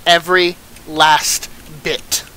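A man's voice: a little high, flat delivery, slow pace, pushed and bright, smooth, low-quality recording. A man hosting a let's-play, making casual, joking commentary with some swearing.

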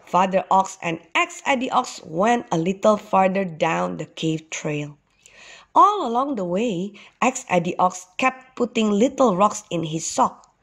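A woman, a kindergarten teacher, reading a children's story aloud with slow, expressive storytelling. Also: mid-range voice.

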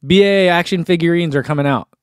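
A man's voice: a little high, quick pace, clean tone, dry recording, studio quality. Chatty man hosting a live stream. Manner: chatty, rambling, with fillers and laughs. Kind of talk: casual live-stream chat reading viewer comments.

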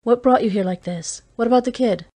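A woman's voice: on the high side, fairly quick, warm tone, dry recording, voice pushed up, natural voice. A woman reading an audiobook, voicing a weary male spacer who speaks in curt, bitter sentences.

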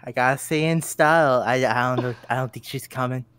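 A man talks over a voice call in a smooth, clear voice, recorded dry and close. He sounds hesitant, often mumbling and trailing off mid-sentence. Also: medium pitch, fairly quick, a bit bright, no echo. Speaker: streamer's friend. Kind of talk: casual chat over voice call.

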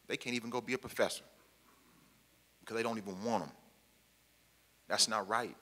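A man with a lowish yet bright, forceful voice speaks passionately to an audience, hammering his points home by repeating them. His plain, colloquial talk rings out with a long reverb from a large hall. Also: moderate pace. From Pacific Northwest, US. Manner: emphatic, repeats key lines, plain colloquial speech. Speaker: formerly incarcerated panel speaker. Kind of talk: impassioned public talk to an audience.

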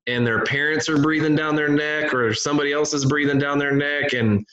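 A man, a home inspector, telling animated stories in a casual podcast chat and laughing often. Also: fairly high pitch, fairly quick, dull audio, a loud crowd. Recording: roomy echo.

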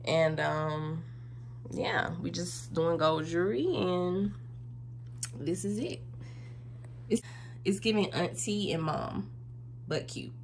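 A woman's voice: fairly low pitch, steady tone, slow, long pauses, a little hiss or hum. A young woman vlogging at home to her phone camera, chatty and playful, calling her viewers baby and girl. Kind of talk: casual chat to camera.

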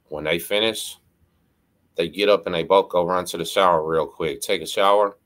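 Middle-aged man, deep low voice, casual storyteller who keeps tossing "right?" to the listener. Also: steady tone, fairly quick, a bit bright. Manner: conversational, frequent "right?" and "you know what I mean" asides. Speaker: host.

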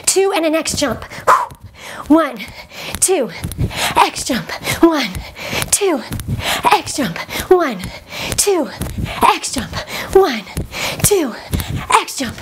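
A woman's voice: sits high, a little hiss or hum. A woman fitness instructor coaching a workout while doing it herself, out of breath and encouraging, with short cues and puffs of breath between exercises.

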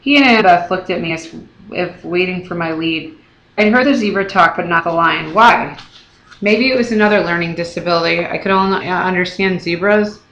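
An audiobook reader narrates a novel in the first person, telling the story in a steady, even way. The voice rings with a roomy echo, as if read in an open room. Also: mid-range voice, slight background noise.

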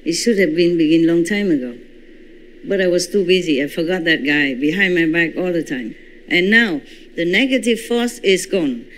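High bright guy, korean native, spiritual talk in broken english, gets dramatic telling stories. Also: slight background noise, low-quality recording. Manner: halting non-native English with dramatic retelling. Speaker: spiritual teacher.

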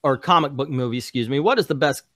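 A man's voice: quick pace, a bit bright, dry recording, studio quality. A man hosting a casual comic book debate show, loose and joking. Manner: theatrical, booming intro then loose and joking. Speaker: host.

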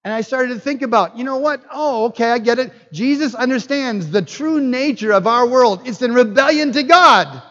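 Guest pastor, male, high voice, playful and animated, muffled recording. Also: moderate pace, few pauses. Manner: animated, joking preacher who asks the audience questions. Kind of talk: sermon. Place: church hall. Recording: dull lo-fi with long hall reverb.

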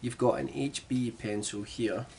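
A man's voice: medium pitch, steady tone, a little slow, gravelly, a little mellow, slight background noise. A young man with a Glaswegian Scottish accent, chatting casually to camera in a self-deprecating, rambling way. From Glasgow, Scotland. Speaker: vlogger. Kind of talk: casual vlog chat.

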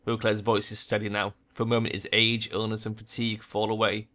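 A man's voice: lowish voice, monotone, fairly quick, hardly any pauses, bright, forceful tone. A man narrating a game playthrough, reading the text aloud with casual, jokey asides. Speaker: let's play narrator.

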